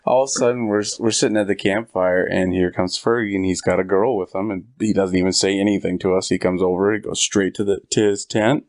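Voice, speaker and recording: A man's voice: deep voice, steady tone, fairly quick, hardly any pauses, darkish tone, dry recording, clean studio sound. A man hosting a podcast, rambling through a comedic story and acting out the quotes in voices.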